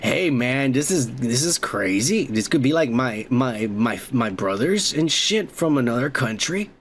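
A middle-aged man hosting a podcast, reading viewer comments in a profane, joking way and loudly toasting viewers. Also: mid-range voice, animated, unhurried, a little hiss or hum. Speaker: podcast host. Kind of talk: casual comment-reading chat.

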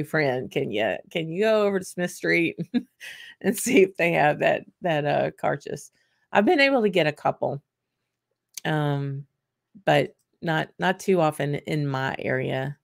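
A woman's voice: low voice, vocal fry, dry recording, clean studio sound. A middle-aged woman hosts a casual whisky livestream, chatty, laughing often and restarting her sentences. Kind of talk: casual chat reading viewer comments.

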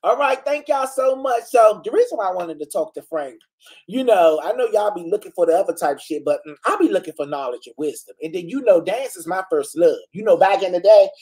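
Flamboyant husky man hosting a live stream. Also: high-pitched, a little fast. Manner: flamboyant, exclamatory, animated. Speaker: host of a live online talk show. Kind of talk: casual live-stream chat reading comments.

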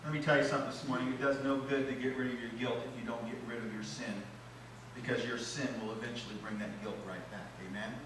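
A man, a pastor, preaching a sermon in a church, swinging between loud, rising lines and low, quiet emphasis. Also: little pitch movement, fast talker, background noise. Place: church sanctuary. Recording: echoey church hall, mic at a distance.

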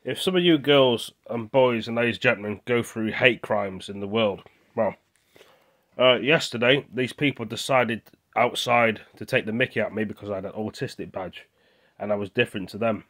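In a casual vlog, a young man with a British accent vents indignantly with his mouth full, rambling, restarting and repeating himself. He has a fairly low yet fairly bright voice and a moderate pace.

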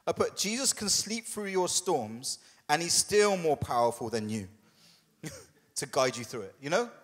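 A man preaching a sermon as a pastor, conversational and humorous, putting on quick voices for the people in his story. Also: a little high, animated, fairly bright tone, in a large hall. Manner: conversational and humorous, with quoted asides. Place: church hall.

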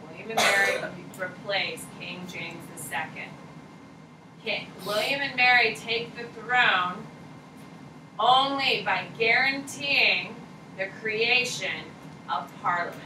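A woman high school history teacher giving a casual, joking classroom lecture, repeating key points for students to write down. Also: slow pace. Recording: echoey classroom from far off, noisy.

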